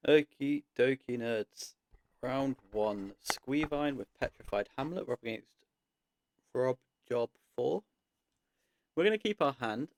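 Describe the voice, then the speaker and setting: A man giving casual gameplay commentary, thinking aloud in a relaxed way with frequent pauses and ums. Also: mid-range voice, no echo, clean studio sound. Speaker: card game content creator.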